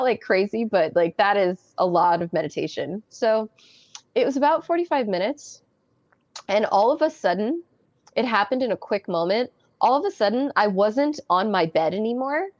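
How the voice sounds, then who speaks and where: A woman's voice: mid-range voice, a little mellow, dry recording, dull audio. Chatty giggling woman in her thirties. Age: early 30s. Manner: chatty, giggly, many restarts and "like". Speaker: guest. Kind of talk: casual interview storytelling.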